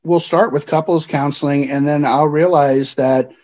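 A man with a mellow, slightly raised voice speaks as a counselor in a podcast interview. He explains things in a calm, measured way. The sound is a bit dull and lo-fi. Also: on the high side.

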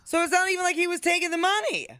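A man's voice: very high-pitched, steady tone, very fast, bright, forceful tone, dry recording, studio quality. A man co-hosting a podcast, chatting casually in a wry, blunt, joking way. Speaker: podcast co-host. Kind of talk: casual chat.

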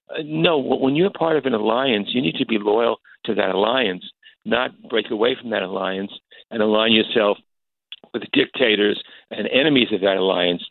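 Older guy on a tinny phone line, gravelly low voice, lots of uh and restarts, dry sound. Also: dry recording. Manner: halting, many fillers and restarts. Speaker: congressman guest. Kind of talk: phone interview.

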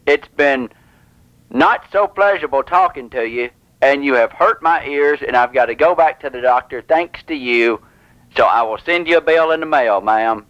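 A man playing a fussy prank caller with sensitive ears, insisting in a deadpan tone on a radio crank call. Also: medium pitch, normal speed, no room sound, muffled recording, close to an everyday voice. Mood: insistent.

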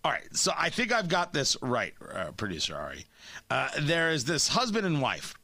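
Blunt, fast-restarting male radio host with a bright, high-pitched voice. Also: wildly swooping pitch, no room sound. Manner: blunt, combative, stammers into restarts. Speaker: radio talk show host. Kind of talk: opinionated talk radio.

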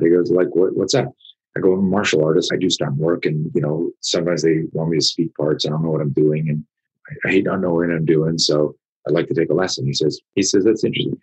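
A man with a very low, husky voice tells a story in casual conversation, animated and profane. He acts out the lines of the people in it and swears freely. He sounds like an older martial arts teacher. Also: rough recording.

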